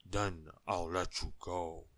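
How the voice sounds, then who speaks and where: A towering storybook giant, put on by a male narrator, thunders each word out slow, loud and heavy. The voice sits low and sounds dry and close, with no room around it. He is a stern figure, clearly in charge. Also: level tone, no room sound.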